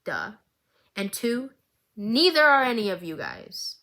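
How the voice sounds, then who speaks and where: A woman's voice: a little high, wildly swooping pitch, slow pace, sharp tone, heavily acted. A woman voicing a defiant young male politician in a blunt, sarcastic manner.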